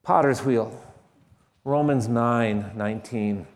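A man's voice: mid-range voice, animated, measured pace, pauses often, darkish tone, big-room sound. A man preaching a sermon, emphatic and repeating key phrases with shifting stress. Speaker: pastor.

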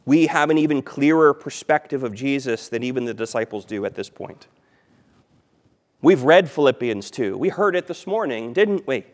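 A man preaching a sermon as pastor, emphatic, repeating key phrases and swinging between loud stress and quiet. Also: medium pitch, lively intonation, moderate pace.

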